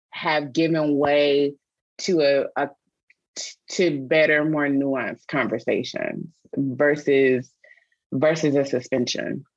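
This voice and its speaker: Low-voiced woman, slow and thoughtful, talking on a podcast, dry dull sound. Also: dry recording. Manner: earnest, reflective, speaks with repeated restarts. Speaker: guest, theologian and author. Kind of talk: podcast interview conversation.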